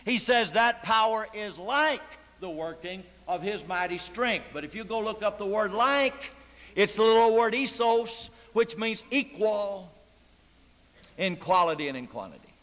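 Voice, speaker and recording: Long church reverb surrounds a high, bright-voiced preacher delivering a sermon in the sanctuary. Expressive and moderately paced, he speaks emphatically and asks the congregation rhetorical questions.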